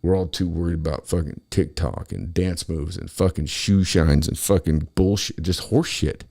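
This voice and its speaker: A man's voice: low-pitched, normal speed, creaky, a little mellow, breathy edge. A man hosting his own show, delivering an angry, profane solo rant about politics. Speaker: podcast host.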